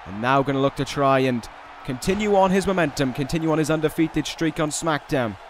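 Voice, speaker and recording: A man's voice: a little high, fairly quick, slight background noise. Man calling game wrestling, casual and rambling. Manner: casual, rambling asides with restarts, excited calls on big moves. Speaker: gaming video host. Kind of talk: play-by-play commentary over a wrestling video game.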